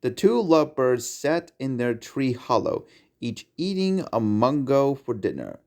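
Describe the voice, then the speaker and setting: Slow, lively storyteller man. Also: medium pitch. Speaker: narrator. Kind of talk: amateur storybook reading.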